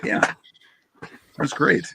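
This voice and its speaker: A man's voice: slow, background noise. A man in a casual toy chat, rambling and thinking aloud with many restarts. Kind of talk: casual chat while opening toys.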